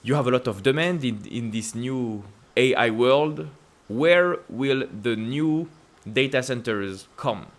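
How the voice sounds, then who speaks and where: A man with a French accent hosting casual stock-market commentary, asking emphatic rhetorical questions and jumping up in pitch to stress points. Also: slow, hardly any pauses. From France. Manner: emphatic, repetitive rhetorical questions with sudden upward pitch leaps. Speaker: investing channel host.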